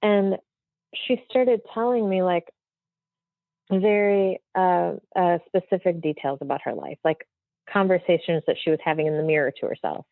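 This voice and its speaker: A woman's voice: fairly low pitch, moderate pace, gravelly, no echo. A woman guest telling a story in a casual interview, rambling and chatty with lots of fillers, heard over a remote call. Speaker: guest medium. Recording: dry, thin phone-like audio.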